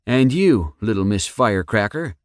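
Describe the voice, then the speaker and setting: A man's voice: fairly low pitch, animated, normal speed, no echo, studio quality, voice pushed up, natural voice. A man voicing a big, folksy rural man with a drawling country way of talking in an audiobook. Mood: hearty. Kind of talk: audiobook character voice.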